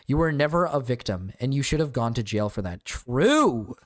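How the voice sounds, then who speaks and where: Excitable stammering male streamer, dry sound. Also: medium pitch, moderate pace, no echo. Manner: excitable, stammering, swears often. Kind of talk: live reaction stream.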